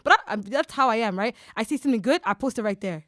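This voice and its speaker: Animated, higher-pitched woman podcast host. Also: fast talker, no echo, clean studio sound. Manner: animated, enthusiastic, talks in bursts with many fillers. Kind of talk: casual interview chat.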